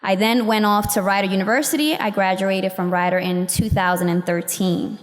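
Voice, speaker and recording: A woman's voice: medium pitch, fairly even intonation, normal speed. A young woman from Camden, New Jersey, reading a composed, prepared public comment at a school board meeting. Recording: reverberant hall.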